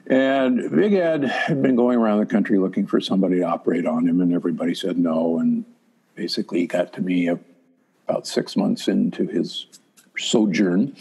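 Older guy, low voice, wry doctor telling stories on a podcast. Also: warm tone, husky. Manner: wry, anecdotal storytelling. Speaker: guest doctor. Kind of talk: interview storytelling.

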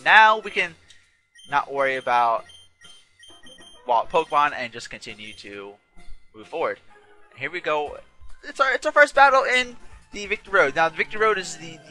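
A man with a very bright, forward voice talks over a video game, chatty and rambling, often restarting his sentences. He sounds a little tired, with game music faint behind him. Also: on the high side, sing-song, normal speed, long pauses. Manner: rambling, self-correcting, chatty. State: yawning, a bit tired. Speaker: let's play host. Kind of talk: casual gameplay commentary.

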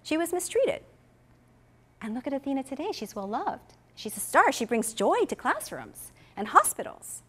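A woman's voice: high voice, big pitch swings, normal speed, a bit bright. A woman giving a conference talk who tells a story, asks the audience questions and acts out the people she quotes. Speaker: conference presenter for an animal welfare education program.

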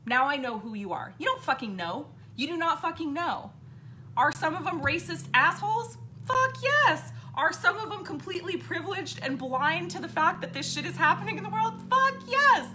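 Fiery, blunt, high-voiced woman. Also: lively intonation, normal speed, bright, forceful tone, slight background noise. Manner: blunt, heavy swearing, emphatic repetition. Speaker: podcast host. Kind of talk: impassioned unscripted monologue.

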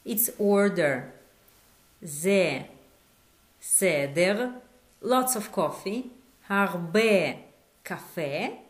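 Lively woman teaching Hebrew. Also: medium pitch. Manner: patient, repeats words slowly and asks the learner questions. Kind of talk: online language lesson.

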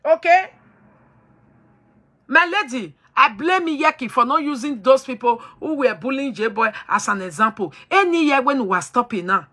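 A woman's voice: on the high side, expressive, normal speed, bright, forceful tone. A woman hosting a talk show, lecturing her listeners in an emphatic, preachy way and slipping into pidgin. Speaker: host.

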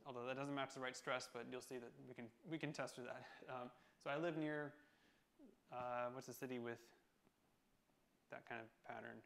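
Gravelly man thinking aloud while coding. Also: mid-range voice, steady tone, normal speed, fairly bright tone. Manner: thinking aloud, many fillers and self-corrections. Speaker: coding instructor. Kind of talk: casual screencast tutorial.

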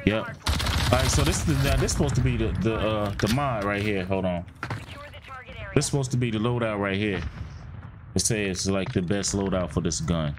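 A man's voice: fairly low pitch, normal speed, noisy background. A man streaming a shooter game, chatting casually and griping with a lot of swearing. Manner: profane, exasperated griping. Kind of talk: casual gameplay commentary. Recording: loud gunfire from the game behind.

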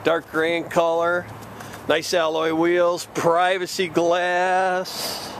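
A high-voiced man with a Midwestern accent delivers a fast, upbeat car-lot pitch. He is outdoors on a dealership lot, walking around a vehicle with a handheld camera. Faint outdoor noise sits under his voice. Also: monotone, vocal fry, a bit bright. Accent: Midwestern American. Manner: fast upbeat sales patter. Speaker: car salesman.

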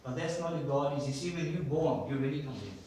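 A man's voice: on the high side, animated, fast talker, a little mellow, a little hiss or hum. Man, preacher, sermon, storytelling, asks listeners questions, far from mic, echoey church.

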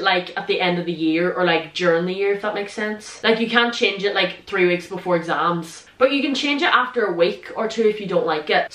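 A woman's voice: on the low side, fairly bright tone, echoey room. A teenage girl with an Irish accent from Donegal, chatting jokily to camera in her bedroom. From Ireland. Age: teens. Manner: chatty, jokey, quick to laugh. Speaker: vlogger. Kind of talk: casual chat to camera.

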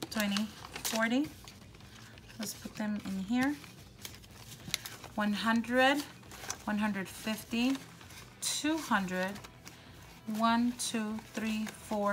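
Brief: woman budgeting vlogger, mid-pitch, chatty and excitable, audible background noise. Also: rough recording. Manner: chatty, excitable, counts bills aloud. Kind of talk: casual voice-over while counting cash.

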